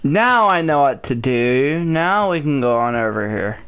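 Exasperated gamer with a lively voice. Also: medium pitch, unhurried, clean tone, dull audio. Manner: exasperated, loud outbursts. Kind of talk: casual let's-play commentary.

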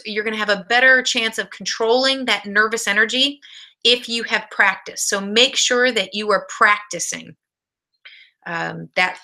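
A woman's voice: fairly high pitch, pushed and bright. A woman teaching a college speech class in a recorded video lecture, giving direct practical tips.

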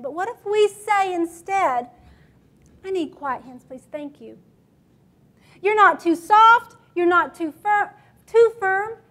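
A woman with a high voice presents a classroom management workshop to fellow teachers. She talks in a matter-of-fact way and keeps putting questions to her audience.

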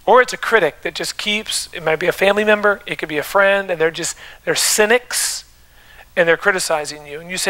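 Man pastor, pulpit sermon in a church; higher voice, bright and ringing, stirs up the room with repeated questions. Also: expressive, normal speed, rough recording. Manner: preaching with rising emphasis and calls to the congregation. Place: church sanctuary.

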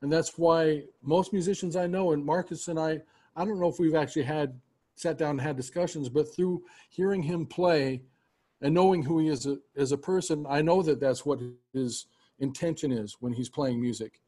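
A man's voice: on the high side, moderate pace, slightly rough. A man teaching music, talking earnestly and at length to his students on a video call, with frequent restarts. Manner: earnest, warm, rambling with restarts. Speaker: music teacher hosting a roundtable. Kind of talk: casual heartfelt talk to students.

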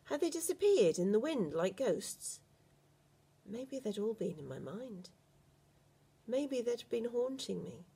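A woman reading a first-person story aloud at a steady, measured pace. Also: fairly high pitch, breathy edge.

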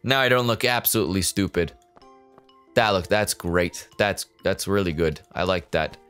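A man's voice: deep voice, normal speed, a bit bright, clear, resonant tone, soft background music. A man casually commenting on his gameplay, joking and talking to the characters on screen. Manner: jokey, talks to game characters. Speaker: let's play gamer.

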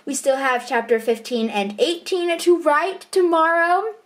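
A woman talking in a casual vlog diary at home, chatty, bubbly and quick to correct herself. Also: sits high, fairly even intonation. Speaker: vlogger and co-writer of a book.

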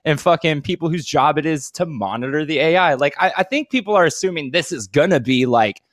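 Man, podcast co-host, casual chat, animated storyteller, slightly high voice, dry close mic. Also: a little fast, no echo. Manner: animated storytelling, swears a lot, acts out voices.

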